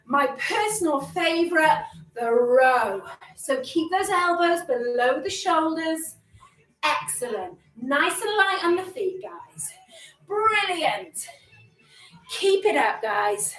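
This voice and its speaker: Cheery high-voiced woman leading a workout. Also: animated, slow, fairly bright tone, reverberant, far from the mic, soft background music, poor audio. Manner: upbeat, encouraging, chatty with self-deprecating jokes. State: a bit out of breath while exercising. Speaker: exercise instructor. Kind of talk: live workout class instruction.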